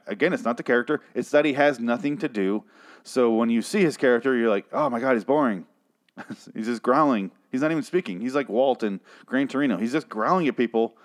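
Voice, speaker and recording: A man ranting sarcastically and with lots of swearing while reviewing a TV episode in casual talk. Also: medium pitch. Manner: profane, exasperated, sarcastic.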